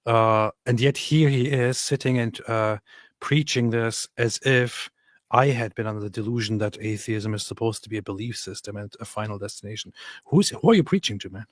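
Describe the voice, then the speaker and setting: A man's voice: lowish voice, flat delivery, normal speed, no room sound, clean studio sound. A man co-hosting a casual reaction stream, talking in exasperated, mocking complaints. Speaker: stream co-host.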